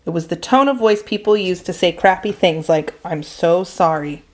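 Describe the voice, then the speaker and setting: A woman teacher reading a children's novel aloud in a calm, measured narration. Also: medium pitch. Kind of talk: storybook read-aloud.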